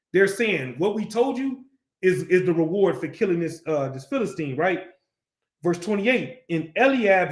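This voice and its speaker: A man's voice: high-pitched, echoey room. A man teaching a Bible class, keeps asking the class questions and acts out the story in street slang.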